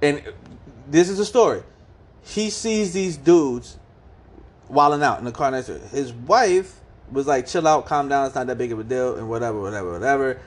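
A man's voice: medium pitch, moderate pace. A man co-hosting a casual chat, telling stories in slangy speech, swearing freely and acting out the dialogue he quotes. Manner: animated storyteller, acts out quoted dialogue, laughs often. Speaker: podcast co-host.

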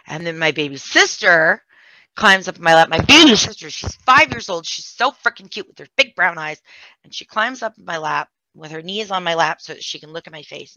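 A woman candidly recounting a painful family story in an emotional way, with vocal fry. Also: low-pitched, bright, forceful tone, dry recording. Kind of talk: personal storytelling. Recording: dull, dry lo-fi sound.

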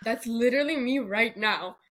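A young woman co-hosts a casual podcast. Her voice sits a little high, and she talks in a chatty way, filling her sentences with fillers. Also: moderate pace, fairly bright tone, slight background noise. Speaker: co-host.

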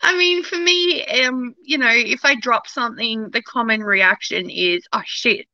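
A woman's voice: fairly high pitch, a little slow, sharp tone, no echo, highs cut off. An Australian woman from Melbourne, a guest talking in a frank, chatty way and laughing easily. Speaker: actor and guest. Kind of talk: casual interview chat.

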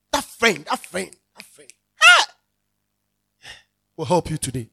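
A man's voice: high-pitched, huge pitch swings, slow pace, gravelly, bright, forceful tone, slightly rough. A male pastor preaching a sermon, emphatic and repeating his key phrases as he calls out to the congregation.

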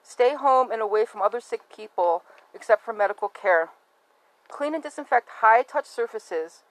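A woman podcast host reading a scripted public service announcement in an even, read-aloud delivery. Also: fairly high pitch, normal speed, no room sound, low-quality recording.

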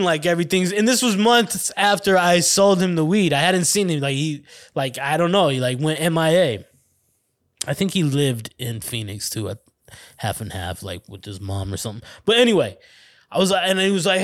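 A man around forty with a somewhat high voice, hosting his own podcast. He tells stories in a loose, rambling, foul-mouthed way, circling back and restarting as he goes. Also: lively intonation, normal speed, fairly bright tone. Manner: rambling, profane, laid-back, restarts and laughs often. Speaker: podcast host. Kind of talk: casual storytelling monologue.

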